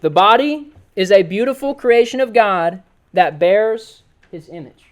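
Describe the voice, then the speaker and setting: A man giving an animated, joking sermon to a youth group as youth pastor, often telling the crowd to listen. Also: high voice, a little slow. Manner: casual everyday slang.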